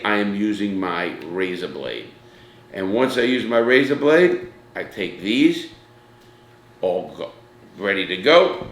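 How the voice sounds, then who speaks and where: Rich: A middle-aged man runs a casual cooking demo, talking straight to the viewers as "people" and "guys." His voice is bright and forceful. It rings in an echoey room. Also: on the low side. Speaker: cooking show host.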